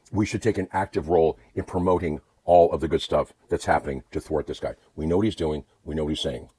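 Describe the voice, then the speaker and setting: A man delivering a blunt, profane political rant to camera, swinging between low muttering and outbursts. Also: a little mellow, husky, no echo. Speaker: vlogger.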